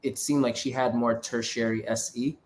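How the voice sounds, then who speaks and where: A man's voice: medium pitch, fairly even intonation, moderate pace, a little hiss or hum. Rambling man chatting on a podcast. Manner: rambling, frequent filler words, laughs easily. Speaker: podcast co-host. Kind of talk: casual film analysis chat.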